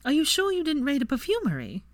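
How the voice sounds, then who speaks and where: Lady doing a bossy sarcastic young witch, high and bouncy, teasing. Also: wildly swooping pitch, fast talker, no room sound. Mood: bright, teasing. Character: prim bossy young woman, witty and exasperated.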